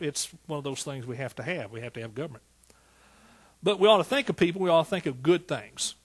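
A man with an East Texas accent preaching a sermon in a folksy, animated way, full of rhetorical questions. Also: a little high, slightly rough. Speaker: pastor.

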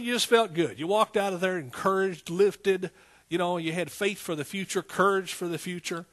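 A middle-aged man preaches with an East Texas accent, folksy and down-to-earth, calling out to his congregation for responses. His voice is husky and sits a little high for a man, and he leans on repetition as he builds. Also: moderate pace, a bit bright. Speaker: pastor. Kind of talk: sermon.

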